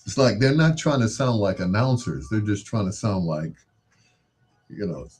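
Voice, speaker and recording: A man hosting a late-night love-songs radio show, joking and laughing between shout-outs and song intros. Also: fairly low pitch, expressive, normal speed, slightly rough, faint music behind. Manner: playful, laughing asides, mock-imitates other DJs.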